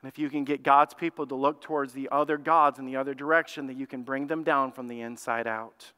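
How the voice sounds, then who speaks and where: A man voicing a hired prophet who lays out a crafty plan in a low, confiding tone, in a sermon retelling. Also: steady tone, a little fast, bright, forceful tone, clean tone, natural voice. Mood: scheming. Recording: long reverb of a church hall.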